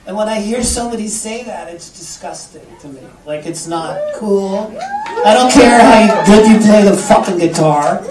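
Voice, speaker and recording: A man from Canada, talking as the guest at a live interview, joking, swearing and acting out quotes in an animated way. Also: sits high, normal speed, over a noisy crowd. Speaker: guest author. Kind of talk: live interview before an audience. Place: live event in a bar venue. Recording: echoey room, far from the mic, audience noise.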